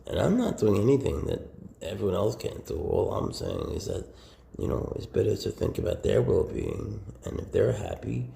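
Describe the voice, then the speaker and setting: Gravelly low-voiced man cooing baby talk. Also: normal speed, echoey room, a little hiss or hum. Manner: coos baby talk to a snake, often dropping to a whisper; gives handling advice in a relaxed, conversational way. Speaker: snake keeper. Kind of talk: casual vlog talk to camera.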